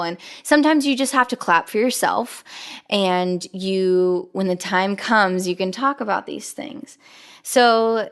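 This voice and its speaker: A woman's voice: medium pitch, unhurried. A young woman hosting her own podcast, talking alone in a chatty, earnest way with many fillers and quoted asides. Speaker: podcast host. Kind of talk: casual solo podcast monologue.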